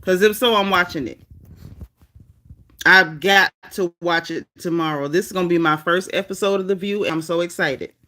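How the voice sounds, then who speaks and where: A woman hosting a casual livestream, reading viewer comments aloud in a chatty, animated, folksy way. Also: on the low side, normal speed. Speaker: livestream host reading chat. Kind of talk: casual live chat.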